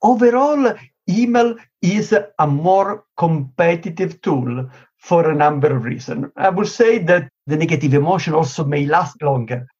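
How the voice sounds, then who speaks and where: Guy, husky slightly high voice, lots of "you know", muffled lo-fi sound. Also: normal speed. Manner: explanatory, many "you know" fillers, animated emphasis. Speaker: negotiation expert guest. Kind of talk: interview answers. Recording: dull lo-fi sound.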